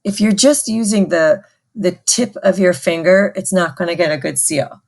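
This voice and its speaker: A woman's voice: on the low side, moderate pace, creaky, noisy background. A woman music teacher giving a patient, call-and-response recorder lesson to children.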